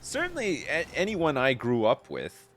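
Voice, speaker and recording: A man's voice: medium pitch, huge pitch swings, a little slow, a bit bright, faint music behind. A Canadian man chatting casually on a live gaming stream, rambling and laid-back, swearing freely and chuckling often.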